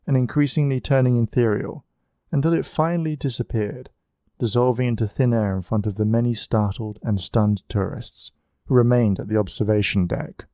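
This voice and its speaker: A man narrating an audiobook in an even, measured reading. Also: mid-range voice, no room sound. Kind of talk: scripted narration.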